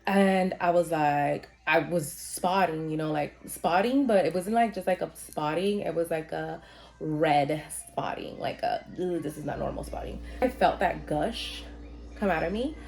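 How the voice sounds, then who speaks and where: She speaks low and unhurried, with vocal fry and a slightly mellow quality. This young vlogger casually narrates a personal story as she gets ready, packing in "like" fillers, a few swears, and imitations of what people said.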